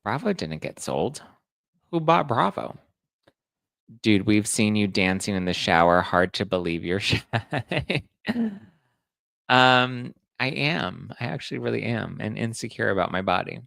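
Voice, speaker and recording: A man's voice: on the low side, animated, measured pace, gravelly, a bit bright, dry recording, studio quality. A man hosting a casual gossip podcast, chatting and reading out audience comments. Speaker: podcast host. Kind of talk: casual pop-culture gossip chat.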